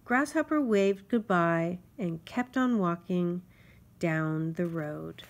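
A woman reading a children's storybook aloud in an expressive, sing-song way. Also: fairly low pitch, takes it slowly. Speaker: storybook reader.

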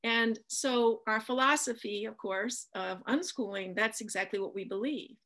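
A woman's voice: on the high side, moderate pace. Middle-aged midwest lady author, chatty storyteller, lots of ums and restarts. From Midwestern United States. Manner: chatty, animated anecdote-telling with frequent ums. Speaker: author guest. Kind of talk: casual interview storytelling.

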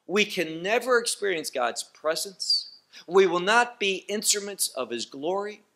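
A man teaching scripture in a slow, measured way, letting each phrase land. His voice sits high and sounds bright and clear. He stresses key words and asks questions he then answers himself. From Israel. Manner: deliberate, emphatic teaching with rhetorical questions. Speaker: Bible teacher. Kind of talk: Bible teaching lecture.

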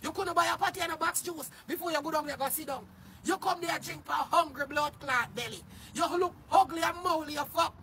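A man with a Jamaican accent in an angry livestream rant, cursing loudly and often shouting. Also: very high-pitched, fairly quick, background noise. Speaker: social media personality.

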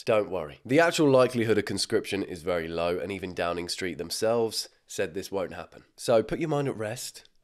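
A British man hosting comedic reaction commentary, husky and sick, with a crude, sarcastic manner. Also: fairly low pitch. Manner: crude, sarcastic, swears freely. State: ill, slightly out of breath. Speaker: commentary host.

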